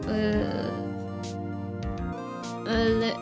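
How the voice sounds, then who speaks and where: A woman's voice: fairly high pitch, unhurried. A woman streamer chatting playfully with viewers while playing a game. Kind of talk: casual game stream chat. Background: game music.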